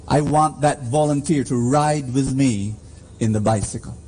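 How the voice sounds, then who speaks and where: A man preaching a sermon in a church, slow and emphatic, calling to the congregation for responses. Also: mid-range voice, darkish tone.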